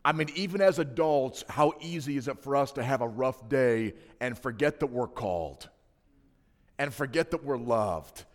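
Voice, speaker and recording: A man's voice: mid-range voice, expressive, moderate pace. A man in his thirties, a pastor giving a sermon, telling personal stories in a conversational way with asides to the congregation. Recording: preaching in a reverberant hall.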